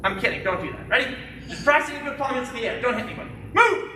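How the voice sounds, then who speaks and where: A martial arts instructor teaching a live-streamed kids' class in a studio, calling out sharp commands and joking between drills. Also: medium pitch, lively intonation, racing, far from the mic, a little hiss or hum. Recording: very echoey studio heard from afar.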